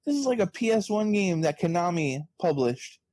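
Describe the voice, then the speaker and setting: Male podcast guest, animated storyteller, dry close sound, mid pitch. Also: moderate pace, no room sound. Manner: animated storyteller, acts out quoted exchanges. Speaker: interview guest, author. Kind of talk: casual podcast conversation.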